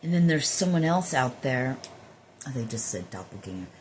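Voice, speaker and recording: A woman's voice: extremely low pitch, big pitch swings, moderate pace, a little hiss or hum. A woman who works as a spiritual healer, rambling in a casual spiritual monologue with drifting, profane asides.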